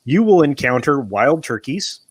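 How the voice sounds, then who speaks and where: A man's voice: medium pitch, sing-song, measured pace, husky, dry recording. A man chatting casually on a group call, easygoing and joking. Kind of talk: casual chat.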